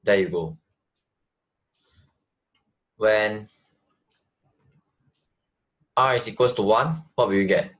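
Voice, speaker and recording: Man, math tutor, lowish voice, patient, repeats phrases, checks understanding. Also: unhurried, a bit bright. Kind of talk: online tutoring lesson.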